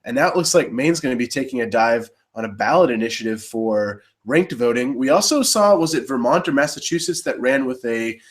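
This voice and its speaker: A man co-hosting election night coverage in a relaxed panel chat. He rambles, restarts his sentences and gets excited about how voting works. His voice sits at an ordinary middle pitch. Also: brisk, few pauses. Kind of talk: casual panel discussion.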